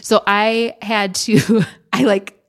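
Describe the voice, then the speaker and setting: Laughing, animated woman storyteller. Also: medium pitch, takes it slowly. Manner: animated storyteller, laughs often and acts out quotes. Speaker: podcast co-host. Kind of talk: casual chat.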